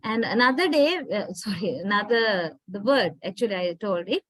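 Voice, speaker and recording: A woman's voice: mid-range voice, expressive, moderate pace, no echo, rough recording. A woman with a Sri Lankan English accent, lecturing an online class and patiently explaining, often checking with "right?".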